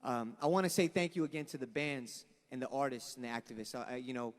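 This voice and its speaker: A man's voice: medium pitch, fast. A young man from Los Angeles, a band frontman giving an earnest, rambling, profane speech to a live crowd at an outdoor event. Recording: long echoing reverb from a sound system.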